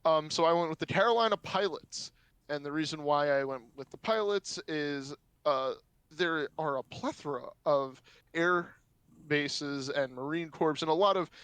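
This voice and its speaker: A young man co-hosts a casual podcast in a fairly high, smooth and clear voice. He eagerly lays out his reasoning at length, and the sound is close and dry. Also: normal speed, fairly bright tone, no echo. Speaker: podcast co-host.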